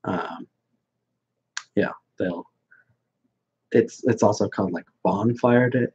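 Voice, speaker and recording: A man's voice: on the low side, slow, a little mellow, slightly rough, highs cut off. A man hosting a casual livestream and answering viewer questions in a blunt, dismissive way, rambling with many fillers.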